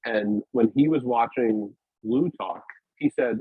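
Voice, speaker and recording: A man's voice: on the low side, moderate pace, husky, dry recording. A man in a casual interview on a video call, talking in a rambling, hesitant way with many restarts. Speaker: podcast guest, weightlifting media founder. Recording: dry, tinny phone-like call audio.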